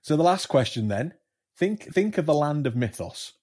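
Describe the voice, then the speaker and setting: Man, podcast host, husky voice, teasing, casual banter. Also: a little high, big pitch swings, normal speed, darkish tone. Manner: teasing, joking.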